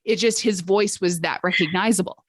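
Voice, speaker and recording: A woman's voice: lowish voice, normal speed, no room sound. A woman travel sales coach hosting a coaching call, telling stories in a chatty way with exclamations.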